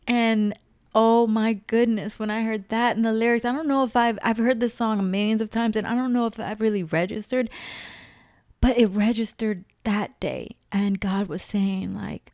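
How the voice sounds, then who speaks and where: A woman's voice: fairly high pitch, steady tone, unhurried, a little mellow, no echo, studio quality. A woman giving an earnest, emotional spiritual testimony, repeating phrases for emphasis. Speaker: faith vlogger.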